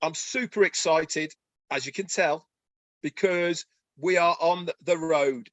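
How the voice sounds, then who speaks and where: A man co-hosting a webinar, talking excitedly in a folksy way and asking rhetorical questions. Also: on the high side, slow pace, no room sound, lo-fi sound. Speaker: webinar co-host. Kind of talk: enthusiastic promotional webinar talk.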